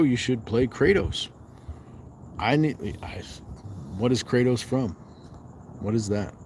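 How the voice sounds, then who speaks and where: Low-voiced man reading his stream chat. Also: darkish tone, a little hiss or hum. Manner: chatty, reads viewer comments aloud and answers them. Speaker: fitness livestream host. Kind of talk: casual livestream chat, reading comments aloud. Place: outdoors at night, resting during a walk.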